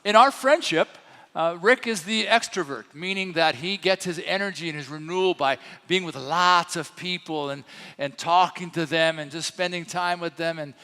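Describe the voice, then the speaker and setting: A man in his sixties with a light French accent preaches in a relaxed, storytelling way, full of little fillers. His voice sits a bit high for a man. It rings out with a long church-hall reverb. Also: moderate pace. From France. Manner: storytelling, chatty with many fillers. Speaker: co-pastor. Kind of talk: sermon. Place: church sanctuary.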